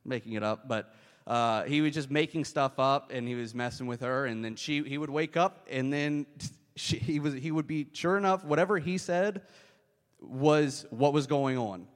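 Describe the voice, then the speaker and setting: A man preaching a sermon in a conversational way, often jumping up in pitch as he acts out quoted voices. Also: normal speed. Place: church hall. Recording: long hall reverb.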